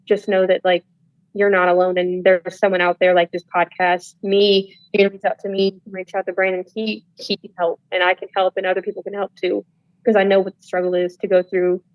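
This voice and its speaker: A woman's voice: mid-range voice, level tone, brisk, no room sound, poor audio. A young woman guest on a podcast, speaking earnestly and candidly, often restarting with "like". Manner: earnest, repetitive, with restarts and "like" fillers. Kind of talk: candid conversational advice.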